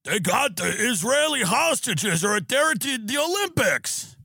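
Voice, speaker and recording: A man putting on a Southern accent to play an excited husband shouting across the house to his wife. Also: extremely high pitch, normal speed, vocal fry, slightly rough, no room sound, clean studio sound, pitched above the performer's own voice, full character voice.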